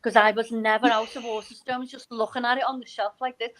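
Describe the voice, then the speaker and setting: A middle-aged woman chats with the easy flow of a practised storyteller. Her voice sits slightly high, and she brings quoted people to life as she goes. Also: fairly quick, poor audio. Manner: animated, acts out quoted voices. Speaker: guest, novelist and poetry teacher. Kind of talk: storytelling in casual chat.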